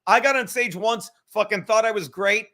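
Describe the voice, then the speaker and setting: A man hosting a casual livestream podcast, talking in a rambling, animated way full of swearing. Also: high voice, moderate pace. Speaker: podcast host.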